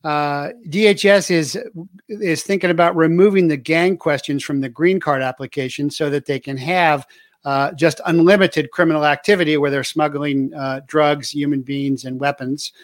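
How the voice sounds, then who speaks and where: A man's voice: a little high, steady tone, normal speed, no echo, clean studio sound. Rambling man hosting a talk show. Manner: rambling, many filler words; earnest and patriotic. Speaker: show host. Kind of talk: casual monologue.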